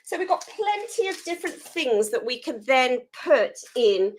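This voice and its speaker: A woman's voice: high voice, very animated, normal speed, low-quality recording. A woman hosting a live food photography tutorial, chatty and self-deprecating while she works hands-on.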